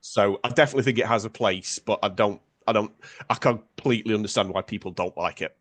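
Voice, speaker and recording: A man's voice: lowish voice, quick pace, no room sound. A man from England, a guest on a casual chat, talking with dry humour. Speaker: podcast guest.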